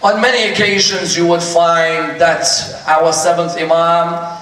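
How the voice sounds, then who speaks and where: A man's voice: fairly high pitch, level tone, unhurried, a bit bright, distant mic. A man giving a religious lecture, telling stories and acting out the dialogue. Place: lecture hall. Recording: echoey hall recorded from afar.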